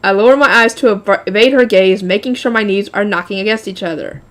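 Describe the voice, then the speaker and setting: A woman's voice: mid-range voice, a little fast, a bit bright. A woman reading a light novel aloud, often laughing and breaking off to chat with her viewers.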